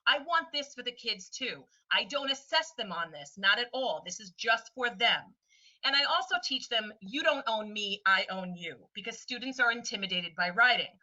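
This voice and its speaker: A woman teacher presenting a webinar lesson in a lively way, often slipping into quick voices for students and friends. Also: fairly high pitch. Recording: distant, dull lo-fi sound.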